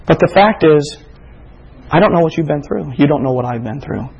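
A pastor preaches a sermon, reading scripture and then driving his points home with mounting emphasis, speaking directly to the congregation and acting out the questions he poses to them. His voice is a bit high for a man, husky and slightly breathy, with lively intonation at a normal speed, and the audio is dull.

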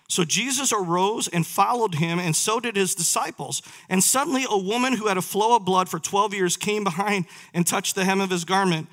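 A man's voice: sits high, normal speed, fairly bright tone. A man preaching a sermon, reading scripture aloud and putting questions to his listeners. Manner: reads verses aloud, asks the listeners questions.

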